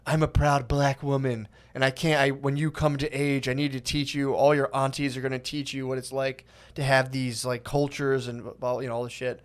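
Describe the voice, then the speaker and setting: A man's voice: mid-range voice, little pitch movement, a little fast, hardly any pauses. A young man co-hosting a podcast, telling a rambling story in casual chat, swearing often and mimicking people. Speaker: podcast co-host.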